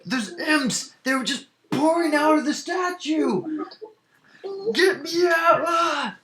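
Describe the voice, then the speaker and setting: A man voicing a frantic, terrified male miner who shrieks in a high, strained voice. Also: lively intonation, slow, noisy background, heavily acted. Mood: panicked.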